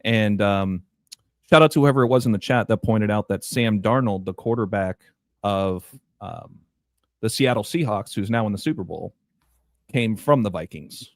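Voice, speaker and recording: A man with a low voice chimes in casually to build on what his co-host said. The recording is dry and close, with no room sound. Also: normal speed, no echo. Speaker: podcast co-host. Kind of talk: casual chat.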